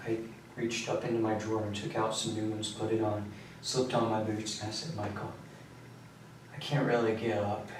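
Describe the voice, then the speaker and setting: Quiet teenage man in an echoey room. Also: lowish voice. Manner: quiet, halting, with many fillers. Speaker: suspect under interrogation. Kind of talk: recounting events in a police interview. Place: interrogation room. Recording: echoey room, distant mic, faint hiss.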